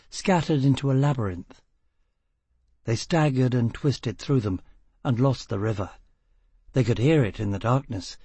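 A man narrating an audiobook in a steady, dramatic storytelling manner. His voice is slightly husky and sits at a middle pitch, recorded close and dry. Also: dry recording. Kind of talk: scripted narration.

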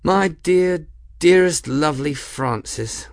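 On a studio-quality recording with no echo, a man speaks slowly in a slightly high, pushed-up voice. He's performing an audiobook character: a playful, flirtatious female sky-pirate captain whose manner is merry and mocking. The mood is teasing.

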